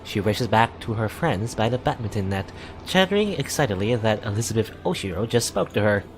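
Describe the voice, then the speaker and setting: A man reading a visual novel aloud for a let's play, in a casual way with wry asides and quick self-corrections. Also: fairly low pitch, animated.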